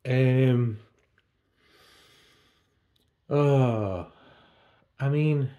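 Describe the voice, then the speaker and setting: A book vlogger talks extremely slowly at medium pitch, his tone dark and the highs cut off. He's chatting casually at home by his computer, digressive and self-deprecating.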